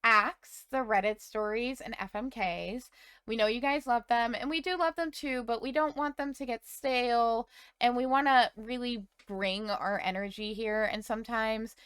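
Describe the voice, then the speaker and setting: A woman's voice: on the high side, moderate pace, a bit bright. A woman from Massachusetts co-hosting a podcast, chatting casually with jokes and frequent laughs. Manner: chatty, joking, laughs often. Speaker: podcast co-host. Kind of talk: casual chat.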